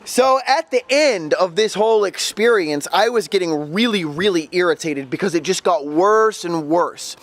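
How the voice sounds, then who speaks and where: Male vlogger, high voice, casual storytelling, emphatic and exasperated. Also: fairly bright tone. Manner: emphatic and exasperated, building to outbursts. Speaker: travel vlogger and former ESL tutor.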